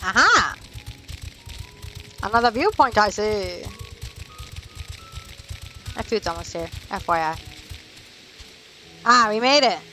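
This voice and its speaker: A woman streaming a video game, giggling, getting excited and croaking frog noises as she plays. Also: medium pitch, slow pace, long pauses, soft background music. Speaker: gaming streamer. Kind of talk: casual gameplay commentary.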